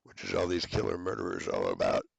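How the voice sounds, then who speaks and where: A man's voice: a bass voice, big pitch swings, fast talker, gravelly, slightly rough, no echo. A man in a rambling, profane, accusatory recorded rant.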